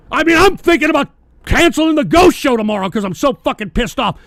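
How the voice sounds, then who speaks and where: High-pitched gravelly ranting man. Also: lively intonation, fast, no echo, clean studio sound. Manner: profane, ranting, often shouting. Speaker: radio show host. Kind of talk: angry political rant.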